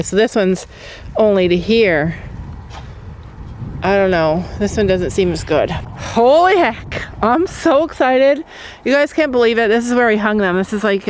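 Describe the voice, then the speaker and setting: A woman vlogging outdoors on a snowy farm, chatting excitedly to her viewers and often repeating herself. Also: medium pitch, slight background noise, rough recording. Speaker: vlogger on a family homestead. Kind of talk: casual vlog talk to camera.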